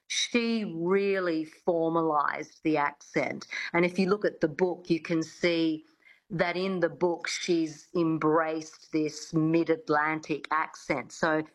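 A woman accent coach talks as a guest on a radio show. Her voice sits fairly low, and she explains in a chatty way, with many fillers and restarts. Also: steady tone, takes it slowly, low-quality recording.

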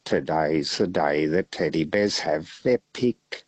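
An Australian man calling in to a radio show, telling a long joke in a relaxed, rambling way. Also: very deep voice, slow, slightly rough, no echo, rough recording. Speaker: caller.

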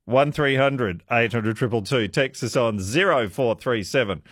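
A man's voice: medium pitch, moderate pace, fairly bright tone, no room sound. A man hosting talkback radio, chatty and musing aloud with strings of questions into a studio mic. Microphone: studio microphone.

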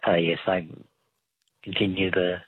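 A man's voice: low voice, flat delivery, unhurried, husky, no room sound. A man calling in to a radio quiz over the phone, joking with wry asides. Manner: jokey, offers wry trivia. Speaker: caller. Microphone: telephone. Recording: tinny phone line.

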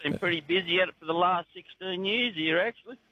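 A man with a broad rural Australian accent drawls easily through a radio phone call, his voice sitting high. The line is dry and dull, with a muffled lo-fi sound. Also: quick pace, no room sound. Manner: laconic, drawling, says mate a lot. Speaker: caller. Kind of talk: casual radio phone chat.

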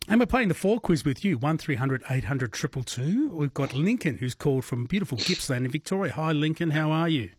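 An Australian man runs a late-night radio quiz with a casual, joking manner. His voice sits a little high and sounds husky. The studio sound is dry and close. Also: lively intonation, brisk, hardly any pauses, dry recording. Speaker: overnight radio quiz host.

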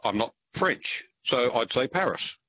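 A man's voice: medium pitch, big pitch swings, a little slow, bright, forceful tone, no room sound, poor audio. An older man calling in to a radio quiz, polite and old-fashioned, hesitating over his answers. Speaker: caller. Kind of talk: phone-in quiz chat.

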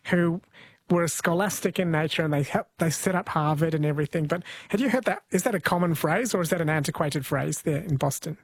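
Husky-voiced host asking questions. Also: medium pitch, a little fast. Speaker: radio host. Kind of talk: casual interview chat.

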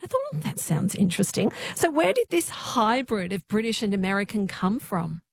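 Woman, radio host, mid-pitched, conversational, curious. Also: big pitch swings, normal speed, gravelly, slight background noise. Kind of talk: radio talk show.

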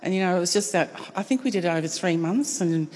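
A woman with a very low voice speaks at a live radio event, giving earnest, rambling thanks. The hall echoes around her, with faint background noise. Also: expressive, fast talker, a little mellow.

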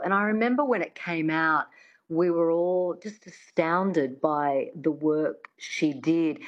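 Woman coach, dull lo-fi line. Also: on the low side. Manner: chatty, with frequent "I mean" restarts. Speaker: accent coach. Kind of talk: casual interview chat.

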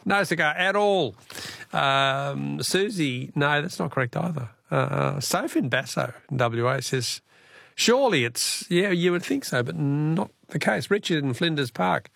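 A man with an Australian accent hosting a talkback radio quiz, chatty and quick to laugh with callers. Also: on the high side, gravelly, a bit bright, no echo, clean studio sound. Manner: chatty, laughs often, friendly banter with callers.

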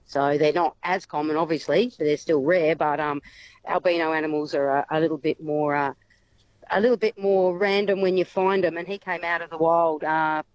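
A woman talks easily about the animals in her care, full of ums and little laughs. Her voice comes through slightly muffled and lo-fi, as if from a remote line. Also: sits low. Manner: chatty, laughs often, many fillers. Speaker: wildlife carer. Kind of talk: radio interview.

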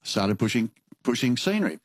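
An older Australian man, an actor, telling lively stories in an interview and acting out the voices he quotes. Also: medium pitch, moderate pace, no room sound. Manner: animated storyteller, acts out quoted voices. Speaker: actor guest. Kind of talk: interview storytelling.

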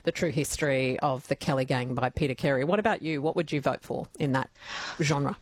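A woman's voice: extremely low pitch, brisk. A woman hosting a radio interview, chatty and enthusiastic as she talks about books. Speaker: radio host.

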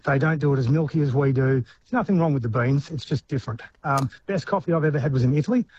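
A man with an Australian accent calling a radio show, talking haltingly with restarts and stammers. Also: medium pitch, a little mellow. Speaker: radio caller. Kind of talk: phone-in chat. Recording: dull phone line with faint background hum.

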